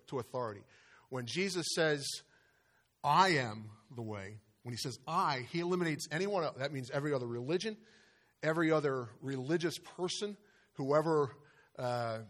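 A man's voice: medium pitch, a bit bright. Man preaching a sermon with heavy emphasis. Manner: preaching with emphatic stresses and pauses, many restarts. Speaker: pastor. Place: church sanctuary. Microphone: microphone over a speaker system.

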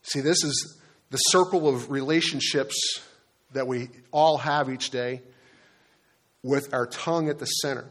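A man's voice: medium pitch, unhurried, a bit bright. Man, pastor, sermon, conversational, fillers and restarts. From Delaware, United States. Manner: conversational preaching with fillers and repeated words.

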